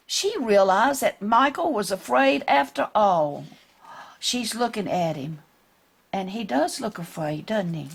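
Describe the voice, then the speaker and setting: A woman reads a picture book aloud to children, slowly and gently. Her pitch rises and falls widely, and her voice has a husky edge. She keeps asking the little ones what they see. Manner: gentle, questioning children along.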